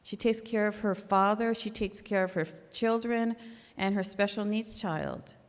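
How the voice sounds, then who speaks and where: A woman's voice: mid-range voice, fairly even intonation, normal speed. A middle-aged woman giving an informal, earnest sermon talk in a conversational way. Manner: earnest, conversational, with small restarts. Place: church hall. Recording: long hall reverb.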